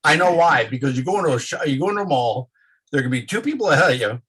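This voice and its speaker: A man's voice: on the high side, lively intonation, rapid-fire, a bit bright, breathy edge. A man telling a story in an exasperated, storytelling manner.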